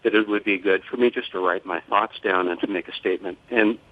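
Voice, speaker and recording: An older man and grieving father speaking on a phone-in interview, measured, formal and deliberate. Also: deep voice. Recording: tinny phone line.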